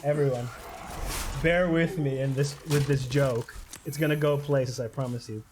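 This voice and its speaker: A man chatting casually as a live game streamer, excitable and giggly. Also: medium pitch, normal speed, background noise.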